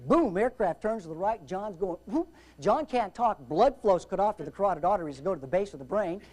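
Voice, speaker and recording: A man giving a humorous aviation safety talk, telling anecdotes in an animated, theatrical way with jokes. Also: high voice. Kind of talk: humorous storytelling seminar talk.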